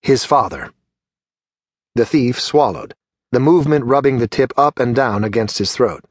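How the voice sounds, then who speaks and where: A man reads a fantasy novel aloud in a measured, steady way, his voice sitting in an ordinary middle pitch. The recording is dry and close, with no room sound. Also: dry recording. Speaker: audiobook narrator. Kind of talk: scripted narration.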